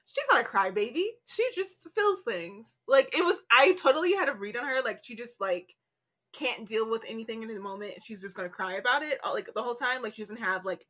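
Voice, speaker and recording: A woman's voice: fairly high pitch, expressive, fast talker, a bit bright. A woman guest on a book podcast, talking casually and emphatically, retelling scenes.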